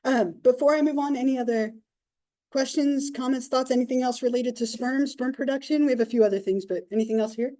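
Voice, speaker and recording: A woman's voice: high voice, fairly quick, warm tone, low-quality recording. A woman in her thirties lecturing a psychology class in a classroom, chatty and loose, with many fillers and asides. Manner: chatty, full of fillers and asides, laughs often. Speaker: psychology instructor.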